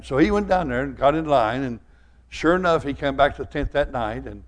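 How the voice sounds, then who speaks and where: An older man with a drawl delivers a sermon in a folksy, storytelling way. His voice sits at an ordinary middle pitch. He swings from loud, rising lines to quiet, earnest asides. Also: brisk. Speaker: pastor.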